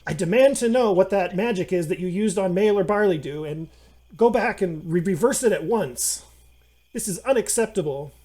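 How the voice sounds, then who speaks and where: A man's voice: fairly high pitch, unhurried, darkish tone, natural voice. A man voicing a stern, indignant fey woman who has been posing as an old nanny.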